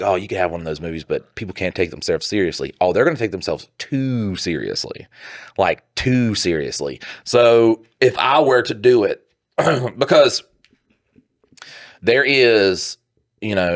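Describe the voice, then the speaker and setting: A man's voice: on the low side, no room sound, studio quality. A young man with a Southern US accent co-hosting a casual podcast, telling stories with swearing and laughter. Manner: animated, swearing, laughing storyteller. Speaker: podcast co-host.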